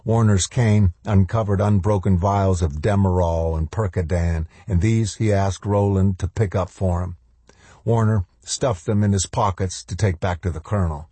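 A man narrating a novel in an audiobook with measured, even storytelling. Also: sits low, husky, no echo.

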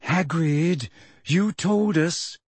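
A man voicing a frightened, clever teenage girl who speaks in a shrill, agitated way in an audiobook. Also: drawn-out words, slightly rough, no room sound, full character voice. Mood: alarmed. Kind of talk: audiobook character voice.

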